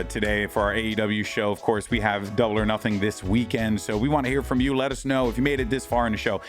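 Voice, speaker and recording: A man co-hosting a podcast in casual chat, rambling and restarting his sentences with lots of fillers. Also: mid-range voice. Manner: rambling, self-interrupting with many fillers. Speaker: podcast co-host.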